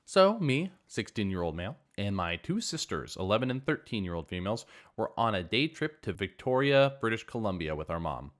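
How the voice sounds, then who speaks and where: A man reading online revenge stories aloud as a narrator, with an animated, expressive delivery. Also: lowish voice, a little fast. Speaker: story narrator.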